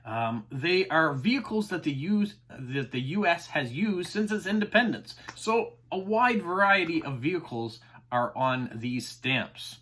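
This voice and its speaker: A man's voice: a little high, animated, a little slow, a bit bright. A man hosting a stamp collecting channel, chatting enthusiastically to camera and explaining terms, with frequent "uh"s. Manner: enthusiastic, chatty, says uh often. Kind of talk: casual explanatory chat to camera.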